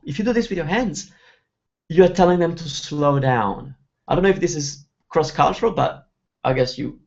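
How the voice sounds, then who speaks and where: A slightly high, gravelly male voice, teaching in a loose, chatty way during a live webinar. He breaks each phrase down word by word. The audio is dull and lo-fi. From Italy. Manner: chatty, explains words one by one with examples. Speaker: Italian teacher hosting a webinar. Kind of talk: live online Q&A lesson.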